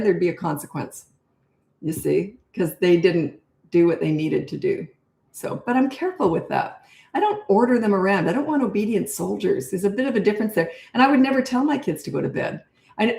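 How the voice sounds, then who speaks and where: A woman's voice: medium pitch, creaky, a little mellow. An older woman, a parenting coach, chatting bluntly and casually through a live Q&A where she reads out viewer questions. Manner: chatty and blunt, laughs at her own stories. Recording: echoey room.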